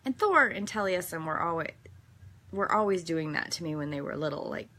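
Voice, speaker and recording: A woman's voice: on the low side, lively intonation, brisk, pushed and bright. A woman hosting a daily devotional, reading a passage and then reflecting in an earnest, meandering way with some self-corrections. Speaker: devotional host.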